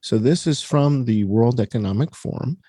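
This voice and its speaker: A man's voice: mid-range voice, normal speed, warm tone, dry recording, clean studio sound. A middle-aged American man hosting a casual talk show, sarcastic and mocking as he comments. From United States. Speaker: show host.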